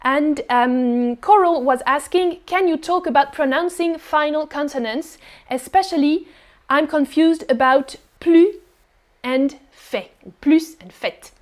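A woman's voice: sits high, a little slow. A French woman with a French accent, teaching French pronunciation in a live stream and patiently repeating her examples. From France. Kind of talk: live-streamed language lesson.

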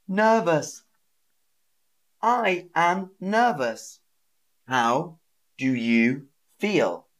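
A man teaching English on a live stream, repeating words slowly and acting out feelings with sighs and gasps for learners. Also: medium pitch, a bit bright. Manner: slow, exaggerated, repeats words and sentences for learners.

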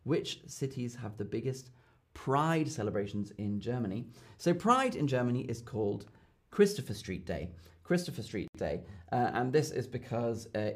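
A young man hosting a casual live-stream lesson, chatty, with many fillers and repeated key phrases. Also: lowish voice. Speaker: German tutor hosting a live Q&A.

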